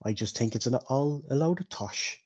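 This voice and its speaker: A man's voice: mid-range voice, lively intonation, moderate pace, darkish tone, husky, dull audio. A man voicing a chatty, dismissive male village innkeeper. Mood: gossipy.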